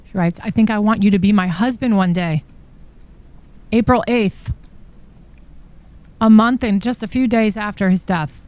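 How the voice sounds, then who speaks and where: A woman hosts a true crime live stream, reading text messages aloud and breaking in with shocked remarks. Her voice is mellow and warm, at a middle pitch. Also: unhurried, pauses often. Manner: reads texts aloud with shocked asides. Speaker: true crime podcast host. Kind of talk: live-stream commentary reading trial exhibits.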